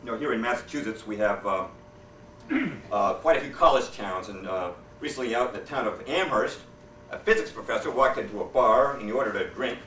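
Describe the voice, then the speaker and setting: A man telling jokes to a live audience, deadpan, acting out the characters in his stories. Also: lowish voice, a little fast, a little hiss or hum. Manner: deadpan storyteller who acts out quoted characters. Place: lecture hall with an audience. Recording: echoey hall, distant mic. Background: audience laughter.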